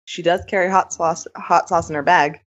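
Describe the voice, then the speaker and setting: Female podcast co-host from Utah, anecdotal and giggly, mid pitch, dull lo-fi sound. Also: fairly even intonation, moderate pace, a bit bright. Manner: laughs while telling anecdotes. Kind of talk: casual comedic chat. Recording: slightly muffled lo-fi mic.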